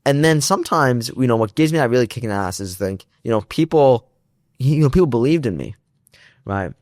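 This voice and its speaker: A man's voice: medium pitch, animated, brisk, darkish tone, no room sound, clean studio sound. A young man, a startup founder, casually telling a story in an interview, acting out both sides of phone calls with lots of restarts and fillers.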